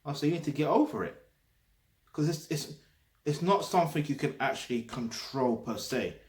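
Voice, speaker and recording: A man's voice: on the high side, expressive, moderate pace, a little mellow. A man with a London accent talking straight to camera in a blunt, emphatic way, with frequent tag questions and swearing. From London, England. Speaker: vlogger. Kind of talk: casual direct-to-camera talk. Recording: roomy echo.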